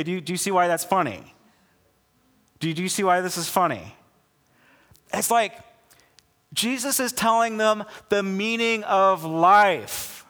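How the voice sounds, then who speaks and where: A male pastor telling a parable in a casual, animated sermon, full of conversational fillers. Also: high-pitched, long reverb tail.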